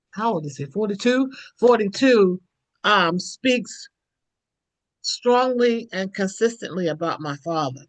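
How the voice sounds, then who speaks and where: A woman's voice: low voice, fairly bright tone, no echo. A woman in her sixties giving a heartfelt personal testimony as a guest on a church panel, in a reflective, storytelling way.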